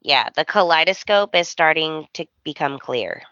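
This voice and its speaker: A woman co-hosting a casual podcast, talking slowly and fillers her speech with "like" as she reacts to a soap opera. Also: deep voice, expressive, sharp tone, no echo, muffled recording. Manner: slow, drawn-out, heavy use of "like". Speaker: podcast co-host.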